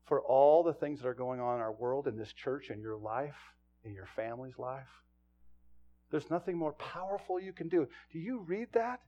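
A man preaching a sermon to his congregation as pastor, swinging from loud exclamations to hushed, low asides. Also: lively intonation, normal speed, highs cut off.

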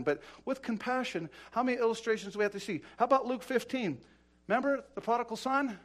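A man preaching a sermon with passion, swinging from loud urging to quiet, soft-spoken storytelling. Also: high-pitched, sing-song, a little fast.

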